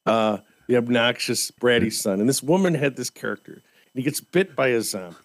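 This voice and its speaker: A man chatting on a podcast. His voice sits in an ordinary middle range. He tells stories with animated energy and laughs often between phrases. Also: medium pitch, brisk. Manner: lively anecdotal storyteller, laughs often. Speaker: podcast co-host. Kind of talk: casual chat.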